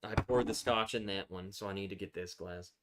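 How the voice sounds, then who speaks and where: A man's voice: low voice, steady tone, brisk, a bit bright. A man hosting a casual livestream, chatting freely, laughing often and reacting to viewer comments. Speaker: livestream host.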